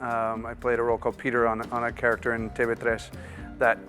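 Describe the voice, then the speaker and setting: A man's voice: medium pitch, fast talker, faint music behind. Male actor chatting as a guest. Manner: relaxed, self-deprecating, some stammered restarts. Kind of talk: casual interview chat.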